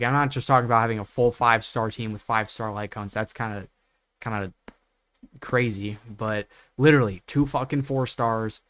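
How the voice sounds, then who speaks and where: A man's voice: mid-range voice, dry recording. Exasperated young man ranting profanely. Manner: exasperated, profane, many fillers. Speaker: gaming YouTuber. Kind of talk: unscripted rant.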